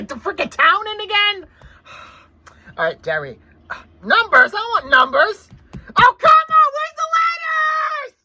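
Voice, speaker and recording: A woman's voice: very high voice, sharp tone, full character voice. A woman voicing a shrieky, childish comedy character who whines and panics about snacks and gadgets. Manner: screeching, whiny, panicky outbursts.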